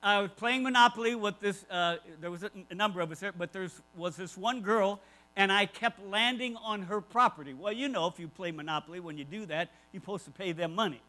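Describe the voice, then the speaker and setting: A man's voice: sits high, a little fast, pushed and bright, low-quality recording. A man preaching a conversational sermon, emphatic and repeating key phrases, with asides to his listeners.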